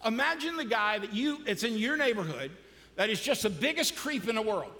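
A man's voice: high voice, animated, fairly quick, sharp tone. A male pastor preaching a sermon in a casual, joking way, quizzing the congregation as he goes. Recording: long reverb of a large hall.

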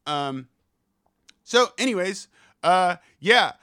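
A young man hosting a podcast, ranting fast and swearing a lot in a solo monologue. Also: high voice, clean tone, dry recording, studio quality. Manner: profane, fast, animated rant. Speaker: podcast host.

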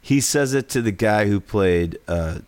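A man's voice: lowish voice, lively intonation, a little slow, a little mellow, no room sound. A man hosting a casual podcast, telling rambling, profane stories. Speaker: podcast host.

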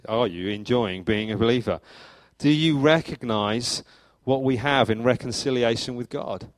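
A middle-aged man preaching a sermon as church leader, telling stories in a lively way with sudden rises in pitch and loudness. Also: moderate pace, dry recording. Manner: animated storytelling, acts out anecdotes with jumps in pitch and volume. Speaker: pastor.

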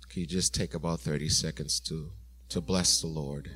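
A pastor preaching a sermon and telling a story, animated, with sudden soft, quiet asides. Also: male voice, a bass voice, moderate pace, breathy edge.

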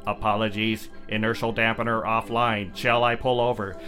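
A man voicing a calm, formal talking car computer with a clipped, flat delivery. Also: fairly low pitch, normal speed, faint music behind.

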